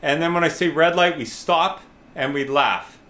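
A man's voice: a little high, moderate pace, sharp tone. A man leading a laughter yoga class, giving playful step-by-step instructions and breaking into hearty laughs. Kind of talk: guided group laughter exercise.

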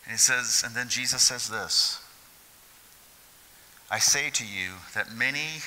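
A man preaching a sermon as pastor, swinging from hushed asides to loud, excited preaching. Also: medium pitch, unhurried, pauses often, slight background noise. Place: church hall. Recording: long hall reverb.

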